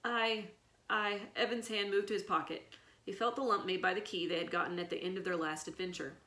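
A woman reading a children's chapter book aloud in an expressive storytelling manner. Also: fairly low pitch, fast. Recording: echoey room.

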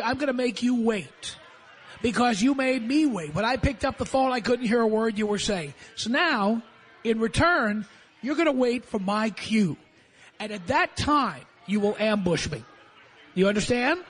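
A man's voice: very high voice, animated, moderate pace, a bit bright, breathy edge. Domineering male radio host. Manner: domineering, sarcastic, bossy. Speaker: radio talk show host. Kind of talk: confrontational call-in radio.

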